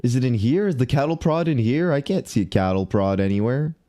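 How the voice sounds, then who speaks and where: A man's voice: mid-range voice, expressive, fairly quick, dark tone. A man livestreaming a game, talking to himself and greeting viewers, mildly exasperated as he searches around. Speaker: streamer. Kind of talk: casual live game commentary.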